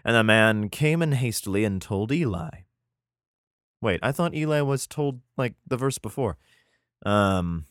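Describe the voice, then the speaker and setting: A man's voice: fairly low pitch, expressive, a little slow, fairly bright tone, clear, resonant tone, dry recording, clean studio sound. A young man reading old scripture aloud and breaking off into sarcastic, profane commentary. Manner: crude, sarcastic commentary between archaic verses. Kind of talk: irreverent comedic reading with profane asides.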